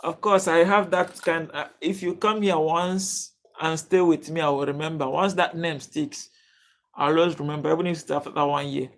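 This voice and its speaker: A man's voice: on the high side, fairly even intonation, normal speed. A Nigerian man hosting a casual live chat stream, greeting viewers by name and chatting loosely as he reads the chat. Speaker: livestream host.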